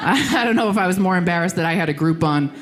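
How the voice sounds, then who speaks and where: A woman's voice: lowish voice, lively intonation, rapid-fire. A woman performing a stand-up comedy routine, telling self-deprecating stories about her workouts on a comedy stage.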